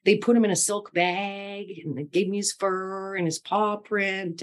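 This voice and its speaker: A middle-aged woman talks as a podcast guest, her voice sitting a little low. She tells her story with candid tenderness. She acts out what people said as she goes. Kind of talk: emotional personal storytelling.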